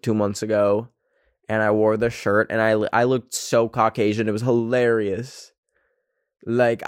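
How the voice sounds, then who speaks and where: A man's voice: fairly low pitch, clean tone, no room sound. Rambling young man, dry close sound. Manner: rambling, filler-heavy, self-mocking. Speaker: podcast host. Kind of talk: casual solo chat.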